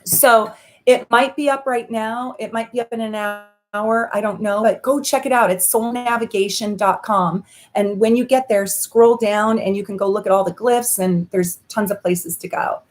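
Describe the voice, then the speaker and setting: A woman's voice: mid-range voice, steady tone, moderate pace. Bubbly, effusive woman astrologer. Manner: bubbly and effusive, with laughs and "um" fillers. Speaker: astrologer and tarot reader hosting a live stream. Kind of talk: casual live-stream chat with card readings.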